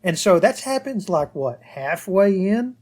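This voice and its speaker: A young man co-hosting a casual podcast chat, stumbling over repeated words and growing animated as he retells his reactions. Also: sits high, unhurried. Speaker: podcast co-host.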